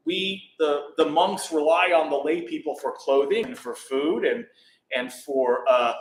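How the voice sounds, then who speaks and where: Man giving a casual, rambling dharma talk. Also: on the high side. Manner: rambling, informal, many fillers. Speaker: meditation teacher. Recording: echoey room.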